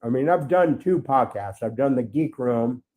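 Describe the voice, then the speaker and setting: Profane, grumbling man with a mellow voice. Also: mid-range voice, expressive, moderate pace. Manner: profane, rambling and aggrieved. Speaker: podcast guest. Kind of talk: ranting podcast talk.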